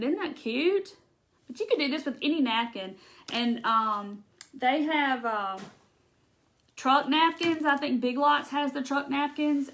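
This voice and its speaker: A woman with a Southern accent chats through a live crafting session. Her voice sits a little high, and her talk is folksy and loose, full of asides and small laughs. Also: a bit bright. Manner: chatty, folksy, laughs often, thinks aloud. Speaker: craft livestream host. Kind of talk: casual chat while crafting.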